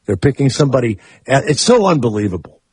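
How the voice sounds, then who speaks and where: A man's voice: mid-range voice, big pitch swings, fast talker, darkish tone, breathy edge, no room sound. A man hosting a radio talk show, rambling and opinionated in casual chat. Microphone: studio microphone.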